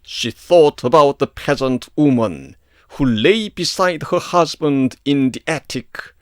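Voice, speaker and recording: A male narrator reads an epic poem at an unhurried pace. His pitch rises and falls widely with the drama of the verse. The recording is dry, with no room sound. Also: dry recording. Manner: slow, expressive poetic reading.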